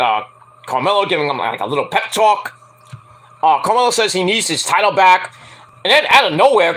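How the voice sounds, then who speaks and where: A young man casually reviewing a wrestling show, rambling and swearing, acting out quotes in high voices. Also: sharp tone. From Antiguan and Jamaican family. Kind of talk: casual solo review chat.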